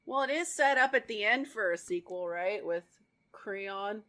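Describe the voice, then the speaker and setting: A woman's voice: mid-range voice, lively intonation, fairly bright tone. A woman co-hosting a casual movie-review podcast, reacting wryly and laughing often. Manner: wry, quick reactions, frequent laughter. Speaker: podcast co-host.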